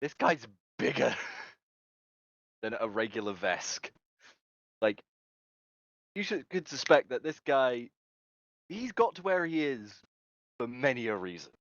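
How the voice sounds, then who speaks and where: A man's voice: medium pitch, big pitch swings, slow, pauses often, fairly bright tone, dry recording, dull audio. A man narrating a tabletop game as game master, rambling and hesitant, with many fillers and laughs.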